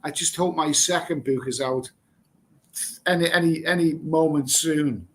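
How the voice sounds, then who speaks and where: A middle-aged man from England runs a casual live stream and reads out viewer comments. He answers them bluntly, rambles and repeats himself, and swears without a second thought. His voice sits a little high for a man. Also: fairly even intonation, a little slow, a bit bright. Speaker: livestream host reading viewer comments. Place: Thailand.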